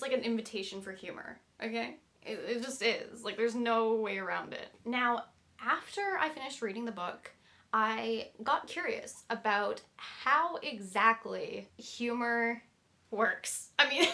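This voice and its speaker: A woman's voice: a little high, pushed and bright. A young woman talking to camera about writing, chatty and rambling, often breaking off into asides. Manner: chatty, rambling, self-interrupting with likes and digressions. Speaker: writing vlogger. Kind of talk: casual talk to camera.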